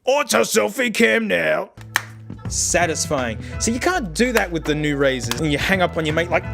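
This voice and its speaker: Excitable man with a lively high voice. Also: moderate pace, creaky, music in the background. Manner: excitable, jokey, loud bursts of laughter. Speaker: tech video host. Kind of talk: casual tech review vlog.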